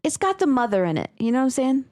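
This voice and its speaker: A woman's voice: high-pitched, big pitch swings, quick pace, a little mellow, dry recording. Woman, podcast co-host, chatty, laughs a lot, dry close mic. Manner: chatty storyteller, laughs often, some swearing. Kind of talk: casual chat. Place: West Texas.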